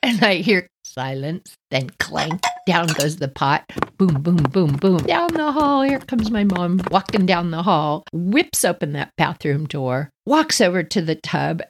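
A woman recounts a childhood story for her podcast with a slightly low speaking voice. She is animated and shifts into higher, playful tones when quoting her brother, her mother and her younger self. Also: a little slow. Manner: animated, acts out family voices with high-pitched quotes.

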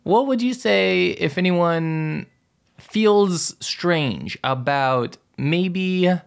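A man hosting a podcast, asking halting questions and introducing the episode's reading. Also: high-pitched, creaky, clean tone. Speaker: podcast host. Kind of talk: casual discussion and episode introduction.

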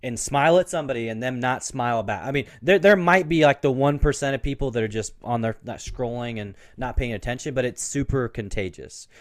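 A man's voice: mid-range voice, brisk, hardly any pauses. A man who is a guest on an interview show, telling stories casually and with energy. He laughs often and says "like" and "you know" a lot.

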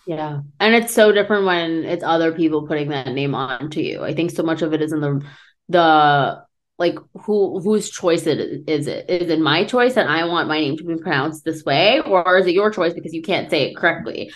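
A woman's voice: deep voice, moderate pace. A young woman from the United States co-hosting a podcast, talking in an earnest, reflective way. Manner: earnest, reflective, thinks aloud. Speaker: podcast co-host. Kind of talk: casual chat.

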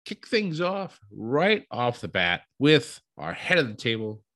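A man hosting a casual recap of a wrestling show, telling it as an animated story, chuckling often and acting out what people said. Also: mid-range voice, a little slow, no echo.

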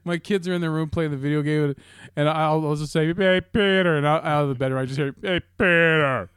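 A man's voice: fairly high pitch, level tone, fast, smooth, no echo. A middle-aged man co-hosting a casual podcast about movies, rambling and laughing often, with some swearing. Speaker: podcast co-host.

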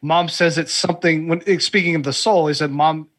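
A man with a fairly high, bright, forward voice muses over films as a podcast co-host. He talks in an earnest, reflective way. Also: fairly even intonation, brisk. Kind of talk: casual film discussion.

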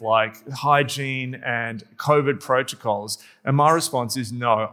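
A man's voice: medium pitch, fairly bright tone. A male pastor delivering a sermon as humorous, self-deprecating anecdotal storytelling.

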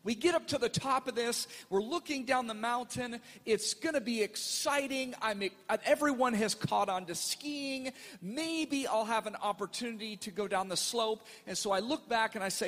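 A middle-aged male pastor with a high voice tells a family story during a sermon, speaking unhurriedly in a big-room acoustic. He's animated and playful, acting out the voices of the people he quotes.

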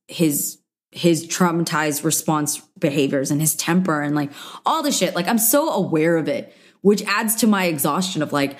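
A young woman hosting a solo podcast, talking candidly and emotionally in a rambling, confessional way full of "like" fillers. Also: on the low side. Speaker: podcast host.

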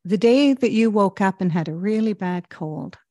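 A woman host with a mellow, warm tone, recorded dry and close. She praises her guest and leads into her questions with soft hesitations. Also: mid-range voice, expressive, normal speed, dry recording. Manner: encouraging, hesitant with fillers. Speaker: podcast host. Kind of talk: interview conversation.

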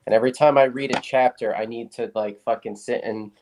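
A man's voice: medium pitch, fairly even intonation, fairly quick, a little mellow, a little hiss or hum. A man chatting on a podcast, rambling and swearing casually as he explains things. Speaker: podcast guest. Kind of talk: casual chat.

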